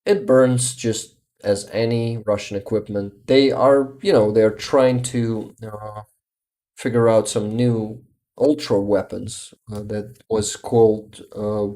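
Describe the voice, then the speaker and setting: Slow, tired Ukrainian man on stream. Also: on the low side, steady tone, warm tone. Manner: halting, searches for words, frequent restarts. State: exhausted. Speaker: livestream host. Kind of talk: casual livestream chat.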